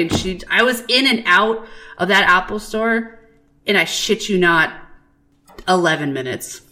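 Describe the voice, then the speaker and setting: A woman co-hosting a podcast, chatting casually and telling stories in an animated, profane way. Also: lowish voice, measured pace, pauses often. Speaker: podcast co-host. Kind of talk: casual chat.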